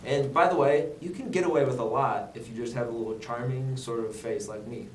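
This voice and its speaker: Defensive comedy host in an echoey room. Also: male voice, medium pitch. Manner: mock-formal, defensive, quick to protest. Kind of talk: improvised comedy banter. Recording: echoey room, distant mic, faint noise.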